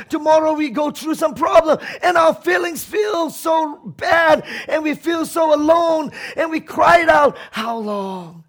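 A man preaching a sermon with passion, swinging between shouted lines and hushed ones. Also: extremely high pitch.

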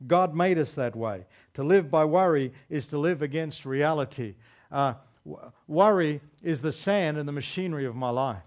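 A man preaching a sermon to his congregation. His voice sits a little higher than most men's. He drives his points home with repeated refrains and a string of rhetorical questions. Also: moderate pace. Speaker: pastor.

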